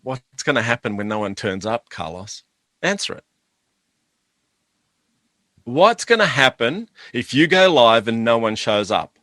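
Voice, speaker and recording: A man telling lively stories as a podcast guest, acting out the scenes as he goes. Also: mid-range voice, measured pace, long pauses, no room sound. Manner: animated, laughing storyteller acting out scenes. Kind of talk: podcast interview, anecdotal storytelling.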